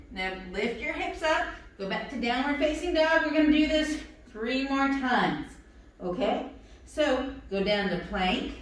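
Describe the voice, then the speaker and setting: A high-pitched woman leads a playful, encouraging kids' yoga class. Her voice rings through a very echoey room. She stands a little away from the mic. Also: far from the mic. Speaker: yoga instructor.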